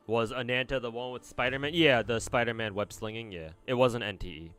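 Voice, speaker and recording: Young male gaming streamer, rambling and cussing, mid-pitch, faint music behind. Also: brisk, a bit bright, clean tone. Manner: rambling, profane, answers chat messages. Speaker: gacha game streamer. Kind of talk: casual livestream chat.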